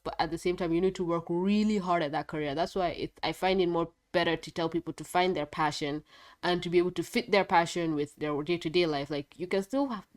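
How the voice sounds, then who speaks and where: A woman with a somewhat low, stuffed-up, congested voice talks through a casual video review. She rambles, backtracks and laughs easily, a little scattered as she goes. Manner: rambling, chatty, quick to laugh; a bit foggy and scattered. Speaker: show reviewer.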